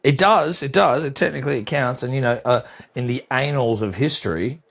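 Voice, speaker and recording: A man's voice: mid-range voice, a little fast, gravelly. A man with an Australian accent co-hosting a sports podcast, laid-back and swearing in casual banter. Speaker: podcast co-host.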